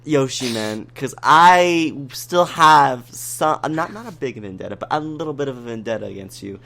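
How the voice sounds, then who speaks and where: A man co-hosting a casual gaming podcast, excitable and prone to loud, high-pitched rants. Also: moderate pace, creaky. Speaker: podcast co-host.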